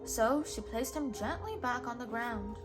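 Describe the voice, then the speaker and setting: A woman reading a children's picture book aloud in a gentle, measured way. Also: on the high side, lively intonation, music in the background. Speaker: storybook reader.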